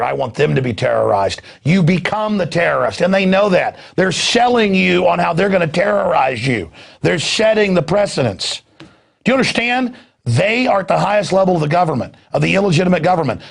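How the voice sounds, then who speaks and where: A male talk show host delivering an angry, rapid, mocking rant with shouted bursts. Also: a little high, vocal fry, slightly rough. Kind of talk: ranting commentary.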